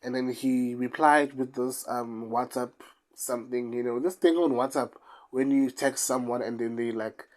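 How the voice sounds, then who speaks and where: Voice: medium pitch, fairly even intonation, moderate pace, a little mellow. Rambling young South African storyteller. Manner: rambling, repeats phrases for emphasis. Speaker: YouTuber. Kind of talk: casual storytime vlog.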